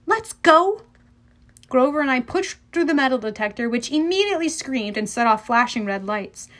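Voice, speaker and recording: High-voiced woman narrating an audiobook. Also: a little fast. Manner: lively first-person storytelling.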